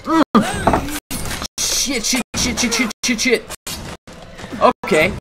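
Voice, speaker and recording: A jumpy young-sounding man talks his way slowly through a horror game, swearing nonstop and breaking into panicked yells. Game music plays clearly underneath him. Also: very high voice, animated, poor audio. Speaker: let's play gamer.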